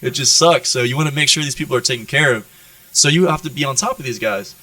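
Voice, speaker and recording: An American man tells war-room stories from his Marine days, swearing freely and tossing in "right?" to keep his listeners with him. His voice is bright and forward at an average pitch, recorded close and dry with no room sound. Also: fast talker, no echo, far from the mic, rough recording. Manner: profane, animated storyteller who keeps checking in with "right?". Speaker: Marine guest on a podcast. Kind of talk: storytelling in an interview.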